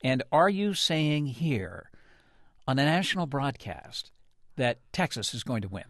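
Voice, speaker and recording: A man's voice: medium pitch, big pitch swings, measured pace, fairly bright tone, no room sound, clean studio sound. Man hosting a radio interview. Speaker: radio news host. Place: radio studio. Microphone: studio mic.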